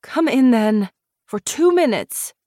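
Woman voicing a wary, sharp-tongued young woman. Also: on the high side, big pitch swings, slow, dry recording, studio quality, pitched above the performer's own voice, full character voice. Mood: firm, concerned.

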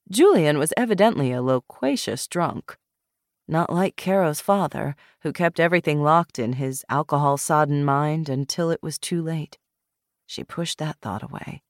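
A woman narrating an audiobook in a measured, expressive way. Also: deep voice, dry recording, studio quality.

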